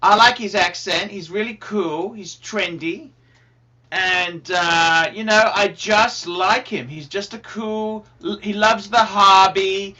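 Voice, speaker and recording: A man hosting a livestream in a casual, rambling, excitable way, repeating himself and swearing now and then. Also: high-pitched, takes it slowly, dull audio. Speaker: livestream host.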